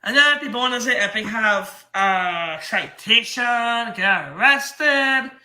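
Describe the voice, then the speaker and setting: Trinidadian male streamer, rambling defensive rant, piercing bright tone, roomy echo. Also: very high voice, animated, takes it slowly. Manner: rambling, repetitive, heated. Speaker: comic book seller and streamer.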